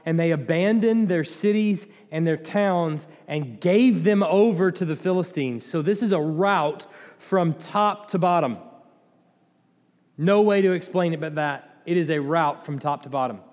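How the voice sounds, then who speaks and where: A man's voice: fairly high pitch, a little slow, a little mellow. A man teaching a Bible lesson in a conversational way, with restarts and dry asides. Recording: long hall reverb.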